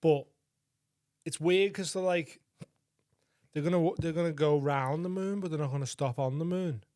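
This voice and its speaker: A man's voice: on the high side, moderate pace, darkish tone, dry recording, clean studio sound. A man co-hosting a comedy podcast, tipsy from vodka, telling crude rambling stories and laughing a lot. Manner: giggly, crude, rambling storyteller. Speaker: podcast co-host.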